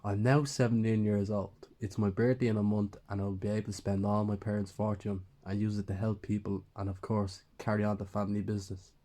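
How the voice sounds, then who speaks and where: A man narrates a first-person horror story with a lowish voice. His telling is plain and conversational, like someone recounting events to a friend. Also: flat delivery, fairly quick, few pauses, dark tone.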